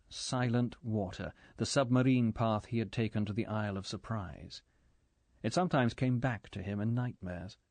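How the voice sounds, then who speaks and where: A man reading an audiobook in measured, even scripted narration. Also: fairly low pitch, dry recording.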